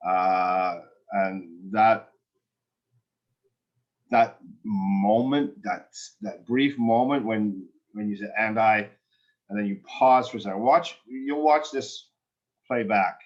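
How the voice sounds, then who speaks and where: A man's voice: on the low side, slow, pauses often, lo-fi sound. A man working as an acting coach, giving a student direct and encouraging feedback in a one-on-one session, often restarting his sentences.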